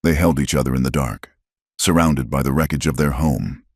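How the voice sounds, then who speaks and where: A man tells a western story in scripted narration. His voice is extremely low, with a husky grain. The reading is grave and measured. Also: no room sound, studio quality.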